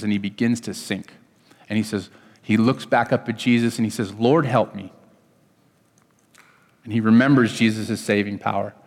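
A man preaching a sermon as a pastor, in a conversational, earnest way with lots of repetition. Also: mid-range voice. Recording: long hall reverb.

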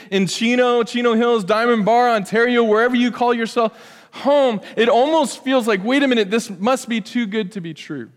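Earnest pastor, reverberant church. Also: male voice, sits high. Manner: earnest, conversational preaching with many restarts. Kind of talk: sermon.

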